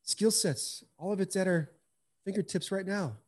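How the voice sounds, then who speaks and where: A man's voice: high-pitched, normal speed. A middle-aged man, a former pro ballplayer, telling his story in an interview with earnest, impassioned repetition. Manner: earnest, impassioned, repeats phrases for emphasis. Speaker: guest, former pro baseball player.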